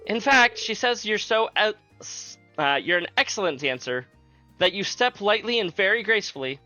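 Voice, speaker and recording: A man's voice: sits high, expressive, normal speed, pushed and bright, dry recording, faint music behind, pitched above the performer's own voice, exaggerated voice. A man voicing a playful, teasing fifteen-year-old princess, reading game dialogue aloud in a raised, girlish, polite voice.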